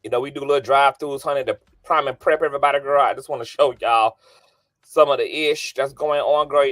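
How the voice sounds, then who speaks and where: A man's voice: medium pitch, a bit bright, no echo, studio quality. A man hosting a casual gossip livestream from his bedroom, sassy and flamboyant, calling viewers honey and girl and greeting them by name. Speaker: livestream host. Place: bedroom, lying down.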